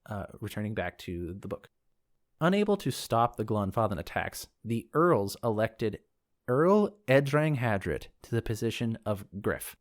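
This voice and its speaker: A man hosting a podcast about game lore reads from a book, drifting into offhand asides as he thinks out loud. He speaks a little slowly in a lowish, sing-song voice.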